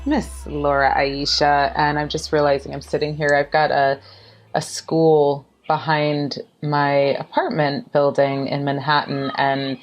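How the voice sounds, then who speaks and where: A woman hosting a podcast interview, bubbly and exclamatory, her voice leaping up in pitch as she gets excited. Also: a little slow, faint music behind. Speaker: podcast host. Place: apartment in a city, children outside.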